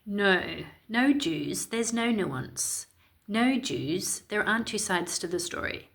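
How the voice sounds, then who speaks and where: A woman's voice: medium pitch, lively intonation, takes it slowly, fairly bright tone. A woman from Ireland giving opinionated, sarcastic and indignant commentary in a vlog. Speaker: commentary vlogger.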